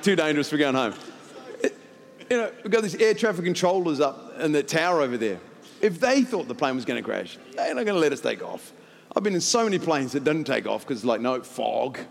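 A man, preaching a sermon as a pastor, telling stories in an animated, jokey way and building to loud, shouted high points. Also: brisk, vocal fry, some chatter behind. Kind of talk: sermon with storytelling. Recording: reverberant hall.

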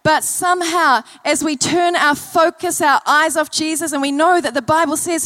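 A woman's voice: sits high, normal speed, few pauses, sharp tone. A woman preacher delivering an earnest sermon to a church congregation, telling stories and repeating key phrases. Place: church service.

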